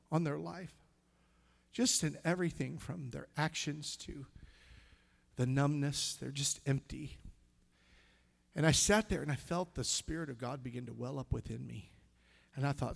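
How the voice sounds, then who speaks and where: A middle-aged male pastor telling a story in a sermon, emotional and halting, with sighs and passages that drop almost to a whisper. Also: a little high, creaky. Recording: long hall reverb.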